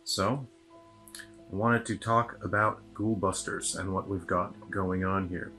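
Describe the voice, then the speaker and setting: A man's voice: low-pitched, fairly even intonation, slow pace, pushed and bright, soft background music. A man giving a rambling, casual video update as a solo game developer, sounding tired, with many fillers and restarts.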